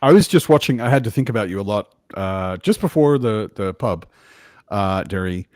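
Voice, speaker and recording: Man, host, casual chat, jokey, swears now and then, animated pitch, dry close sound. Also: normal speed, dry recording.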